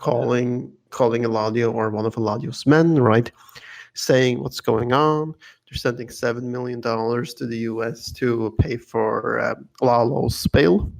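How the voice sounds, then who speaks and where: A man's voice: mid-range voice, fairly even intonation, a little slow, vocal fry. A man co-hosting a podcast in casual chat, rambling and laughing between points. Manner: rambling, many fillers and restarts, laughs often. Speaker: podcast co-host.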